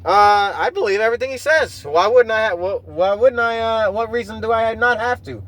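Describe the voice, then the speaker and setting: A man's voice: high voice, normal speed, a bit bright. A man hosting his own podcast, talking in a casual, rambling, profane monologue full of restarts. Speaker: podcast host.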